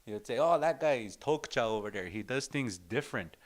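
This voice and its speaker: A man teaching an informal language class in an unhurried, reflective, storytelling way. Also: medium pitch, lively intonation.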